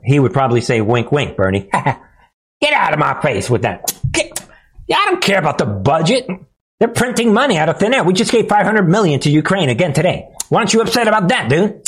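A man's voice: sits high, big pitch swings, a little fast, slightly rough. A man hosting a live political commentary show, mocking and combative, often laughing at the clips he plays.

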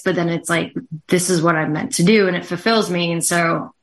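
A woman talking as a show guest, halting and earnest, full of fillers and restarts. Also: lowish voice, fairly even intonation. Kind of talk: casual interview talk.

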